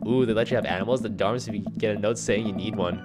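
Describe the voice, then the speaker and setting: A man voicing an excitable, cheerful teenage girl while reading game dialogue aloud. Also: on the low side, racing, music in the background, natural voice. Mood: eager.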